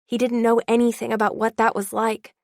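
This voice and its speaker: A woman's voice: a little high, little pitch movement, fairly quick, a little mellow, no room sound, studio quality. A young adult woman narrating a first-person audiobook in a wry, confiding way.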